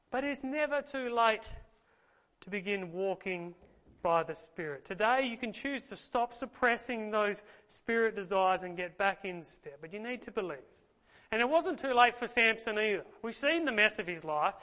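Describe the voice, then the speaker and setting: A man's voice: sits high, sharp tone. A man preaching an earnest sermon, closing in prayer and speaking with feeling. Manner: earnest, emotional, fillers and restarts. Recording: long hall reverb.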